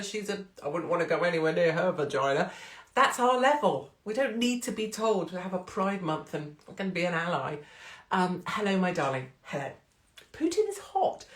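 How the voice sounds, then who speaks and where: A woman hosting a livestream, chatting cheekily with her audience, provocative and quick to laugh, recorded on a phone. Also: lowish voice. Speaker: livestream host. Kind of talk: casual chat to a live audience. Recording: roomy echo.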